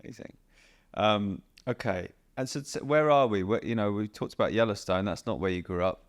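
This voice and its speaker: Gentle, low-voiced male podcast host. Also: fairly quick, dry recording, clean studio sound. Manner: gentle, prompting, brief affirmations. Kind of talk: interview questions.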